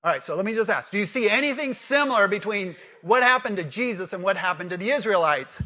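A man's voice: high voice, expressive, brisk, few pauses, bright, forceful tone. A man preaching a sermon, conversational and emphatic, asking the congregation questions and repeating key words. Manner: emphatic repetition. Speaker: pastor.

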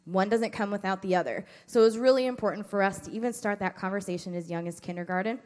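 Middle-aged woman, parenting class speaker, casual and animated, does kids' voices in her stories. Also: fast talker, big-room sound. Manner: animated storytelling, acting out children's high-pitched replies. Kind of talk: informal talk to a parent group.

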